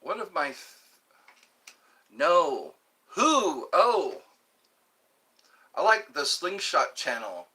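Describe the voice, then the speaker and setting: Older male livestream host: unhurried, husky, bright tone, reads chat aloud. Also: on the high side, very animated. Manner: reads viewer comments aloud and plays along.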